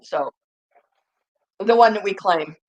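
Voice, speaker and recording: A woman's voice: medium pitch, takes it slowly, dull audio. A woman vlogger chatting casually and rambling, often turning to talk to her dogs. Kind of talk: casual chat.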